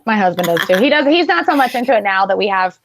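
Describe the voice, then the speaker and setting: A woman guest on a casual live stream, upbeat and quick to agree. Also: mid-range voice, very animated, crowd noise. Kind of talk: casual chat.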